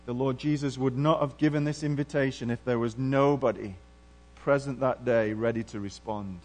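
A middle-aged man preaching a sermon earnestly, moving between hushed and emphatic passages. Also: medium pitch, steady tone, normal speed. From England.

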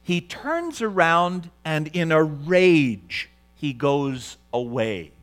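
A man's voice: a little high, sing-song, very slow, a bit bright. A man preaching a sermon, retelling a story with dramatic flair and acting out the quotes.

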